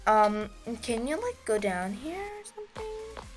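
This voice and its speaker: A woman giving casual, excitable gameplay commentary as host of her gaming channel, giggling and squealing with delight. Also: sits high, measured pace, music in the background.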